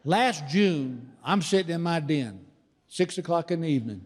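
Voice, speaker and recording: A man's voice: fairly high pitch, animated, moderate pace. A man doing stand-up comedy, telling a folksy story with chuckles, recorded live in a theater. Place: large theater stage. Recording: live theater reverb with audience noise.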